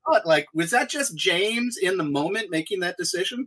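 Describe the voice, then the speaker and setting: A man telling a casual anecdote about an audition, animated and swearing freely, with squawks and impressions. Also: high voice, moderate pace, few pauses, breathy edge. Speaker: actor guest on a panel.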